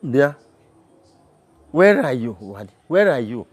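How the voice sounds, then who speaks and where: A man's voice: medium pitch, very animated, slow pace, no room sound. An actor with a Nigerian accent playing a father who soothes his pregnant daughter and then confronts the man responsible. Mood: indignant. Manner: pleading, tender then angry on phone. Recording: film soundtrack with loud music.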